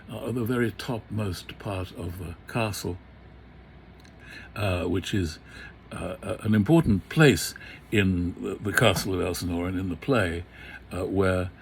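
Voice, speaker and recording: Low-voiced older man lecturing on verse. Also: darkish tone, slight background noise. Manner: musing, unhurried, with many fillers and dramatic recitation. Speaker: literature lecturer. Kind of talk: lecture on Shakespeare with recited verse. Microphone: computer mic for an online class.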